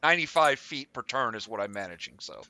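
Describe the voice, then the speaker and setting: A man playing in a tabletop game works eagerly through movement rules out loud. His voice has a bright, forceful edge, and he talks casually. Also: mid-range voice, lively intonation, fast. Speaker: player.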